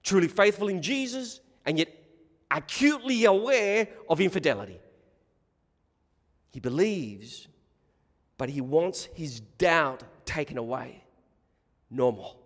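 Male preacher, sermon, high voice, unhurried phrases, long hall reverb. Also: expressive. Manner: preaches in short, deliberate phrases with long pauses.

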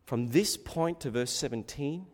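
A man preaches slowly and deliberately, drawing out his words. He drops to quiet, musing asides and then builds to loud, fervent exhortation. His voice rings with a long reverb, as if recorded in a large hall. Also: medium pitch. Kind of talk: expository sermon.

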